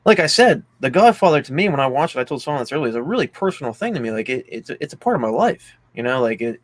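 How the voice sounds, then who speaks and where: A man's voice: mid-range voice, sing-song, very fast, no echo. A man from Pennsylvania co-hosting a casual movie chat, rambling through a heartfelt story with many fillers. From Pennsylvania, USA. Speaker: podcast co-host.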